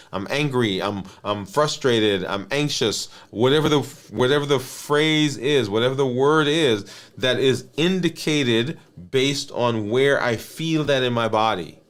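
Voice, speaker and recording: A physician and health coach gives an earnest teaching monologue in a mid-range voice, often checking in with "right?" and restarting his phrases.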